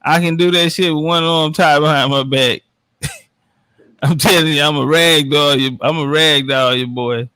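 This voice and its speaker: A man's voice: a little high, fairly even intonation, unhurried, pushed and bright, smooth, dry recording, studio quality. Brash trash-talking man. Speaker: podcast panelist. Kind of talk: boastful casual chat.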